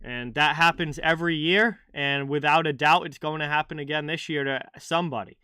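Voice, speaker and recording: A man runs a live hockey chat stream, speaking casually and brisk in a steady tone while answering viewers by name. His voice is bright, crisp, and a bit higher than most men's, captured close on a dry mic with no room sound.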